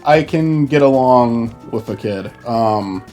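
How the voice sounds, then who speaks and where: A man's voice: medium pitch, expressive, takes it slowly, mellow, faint music behind. A man hosting a casual gaming chat, rambling with many restarts. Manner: rambling, full of fillers and restarts. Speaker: host and gamer.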